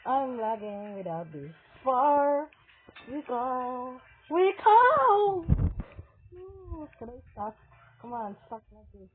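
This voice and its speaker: A woman giving casual gameplay commentary, excitedly exclaiming at the game and talking to her viewers. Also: fairly high pitch, slow, slightly rough. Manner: talks to viewers as "guys". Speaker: gaming video creator. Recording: tinny phone-like audio with faint game music.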